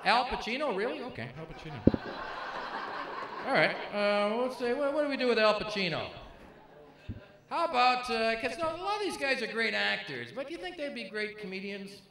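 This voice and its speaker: A male comic impressionist doing live stand-up, chatting with the crowd in quick asides between bits. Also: very high voice, big pitch swings, bright, forceful tone. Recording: echoey live room, mic at a distance.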